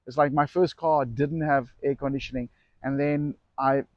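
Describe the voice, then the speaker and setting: Here the e-bike shop owner, a middle-aged man, chats casually to camera about something that happened to him, wandering off track, correcting himself, and voicing quotes dramatically. His mid-range voice holds a steady tone at normal speed. The sound is dry and lo-fi.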